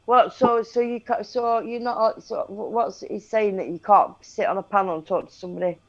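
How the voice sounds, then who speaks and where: A woman's voice: medium pitch, steady tone, a little fast. A woman co-hosting a livestream panel, laid-back, chiming in with short agreeing replies over a remote call. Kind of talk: casual chat. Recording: dull lo-fi call audio.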